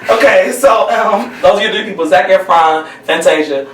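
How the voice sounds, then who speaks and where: Playful male host with a high voice, recorded in a roomy space away from the mic. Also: moderate pace, a bit bright, far from the mic. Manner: playful, laughs often. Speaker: podcast host. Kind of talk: casual chat.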